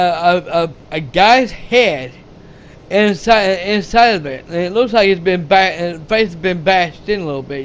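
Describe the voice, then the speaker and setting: A man's voice: sits high, a little hiss or hum. A man casually recapping a movie's plot, rambling and repeating himself with lots of "you know"s. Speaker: channel host reviewing a movie.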